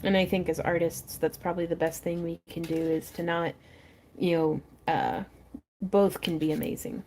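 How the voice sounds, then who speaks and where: A woman's voice: lowish voice, fairly even intonation, normal speed, darkish tone, a little hiss or hum. Chatty giggling woman hosting a craft stream. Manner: chatty, laughs often, reads viewer comments aloud. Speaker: craft livestream host. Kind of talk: casual chat while crafting. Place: home front porch. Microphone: close mic.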